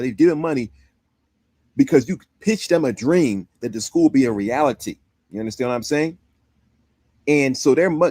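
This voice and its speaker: A man's voice: fairly high pitch, darkish tone, no echo, clean studio sound. A man hosting a stream, indignantly commenting on a clip with pointed rhetorical questions. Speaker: stream host.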